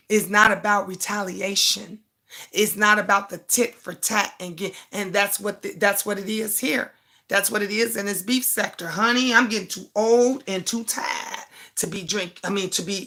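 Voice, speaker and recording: An older woman hosts a casual livestream, speaking bluntly with a medium-pitched, steady, sharp voice at a moderate pace. She repeats words for emphasis and reads viewer comments aloud.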